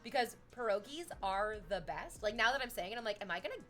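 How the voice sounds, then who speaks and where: A young woman streamer from Canada, chatting casually with her live chat, telling animated stories and swearing freely. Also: fairly high pitch, fast talker, faint music behind.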